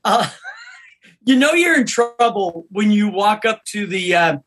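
A man, a podcast guest, telling an animated story in casual chat. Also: high-pitched, slow pace.

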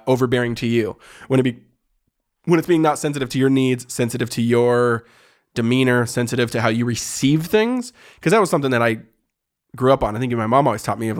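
Blunt, fast-talking husband on a podcast. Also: male voice, mid-range voice. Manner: blunt, direct, talks in quick restarts. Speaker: podcast co-host. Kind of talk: casual conversation. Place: quiet room with cameras and lights.

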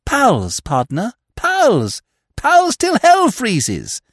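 A man voicing an excitable, flustered young aristocrat who bleats his exclamations high and loud. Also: racing, no room sound, studio quality, lightly acted. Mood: excited.

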